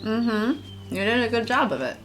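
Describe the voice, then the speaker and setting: A woman's voice: a little high, sing-song, normal speed, slight background noise. A woman co-hosting a let's play in casual chat, teasing and prodding her partner in a dry way.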